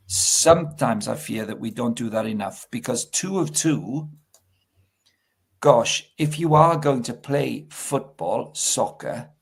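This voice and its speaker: A Welsh man in his sixties gives an earnest, reflective answer as an interview guest. His voice is gravelly and husky at an everyday pitch, and he often repeats and restarts his words as he talks. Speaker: interview guest, sports ministry director.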